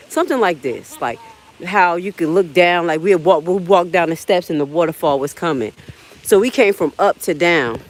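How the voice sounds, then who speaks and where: Here a chatty livestream host in her forties speaks in a lowish voice over a low-quality recording. She walks through an outdoor park on a casual live vlog, addressing viewers as "y'all" and "baby," and gets winded climbing steps.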